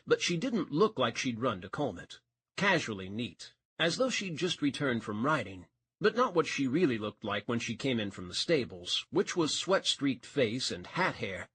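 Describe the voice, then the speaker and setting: A man's voice: mid-range voice, very animated, normal speed, fairly bright tone, breathy edge, no echo. A man narrating a romance audiobook, reading expressively and changing voice for each character.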